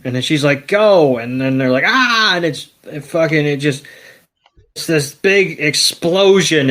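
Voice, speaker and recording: A man's voice: on the high side, fairly bright tone. A man co-hosting a podcast, retelling an episode in loose chat and swearing now and then. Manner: loose, profane storytelling. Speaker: podcast co-host. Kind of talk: casual episode recap chat.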